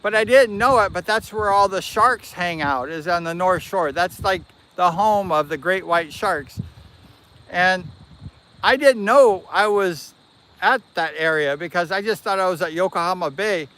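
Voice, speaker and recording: A man hosting a livestream, casually telling a long personal story in an animated, rambling way and correcting himself as he goes. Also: sits high, measured pace. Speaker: livestream host.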